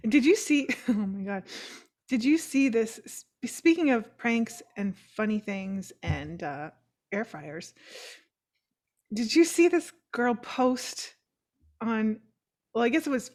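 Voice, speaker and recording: A woman's voice: a little high, big pitch swings, takes it slowly, darkish tone. A young adult woman co-hosting a casual chat show, swearing freely, laughing often and telling stories with animation. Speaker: podcast co-host.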